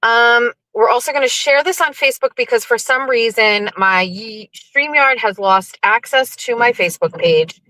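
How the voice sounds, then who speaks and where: A woman's voice: medium pitch, bright, forceful tone, dry recording, rough recording. A middle-aged woman hosting a casual livestream from her car, chatty, greeting viewers over and over with rambling asides. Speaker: livestream host. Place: car, driving.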